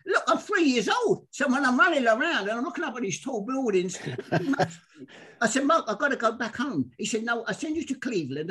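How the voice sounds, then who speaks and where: Excitable older man, husky voice. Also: very high-pitched. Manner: excitable, rambling, acts out quoted dialogue. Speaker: guest. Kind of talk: animated storytelling.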